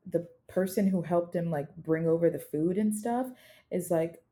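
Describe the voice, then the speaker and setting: A woman's voice: on the low side, moderate pace, warm tone. A young woman co-hosting a casual book podcast, chatty and acting out scenes from the story. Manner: chatty, acts out scenes and reads passages aloud. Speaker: podcast co-host.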